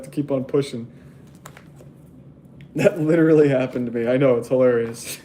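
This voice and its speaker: A young man rambles through a casual livestream about his graphic novel art. His voice is mellow and relaxed, broken by frequent laughter, over a soft bed of background noise. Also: mid-range voice, moderate pace, long pauses. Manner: rambling and laughing often, animated. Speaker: graphic novel artist streaming live.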